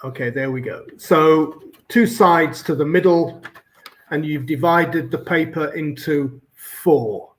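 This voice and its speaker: English male guest, slightly high voice, patient instructor on a video call. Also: takes it slowly. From England. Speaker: origami teacher guest. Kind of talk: live online tutorial.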